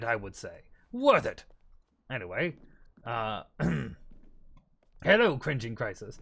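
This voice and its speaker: A man voicing a pompous mock-posh British gentleman in an exaggerated put-on British accent, with a theatrical, drawn-out delivery. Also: fairly high pitch, a little hiss or hum. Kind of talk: comic impression on a livestream.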